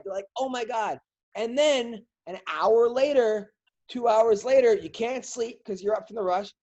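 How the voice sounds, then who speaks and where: Animated swearing comedian on a podcast. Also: male voice, very high-pitched, lo-fi sound. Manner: animated storytelling, swears a lot. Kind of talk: casual podcast chat.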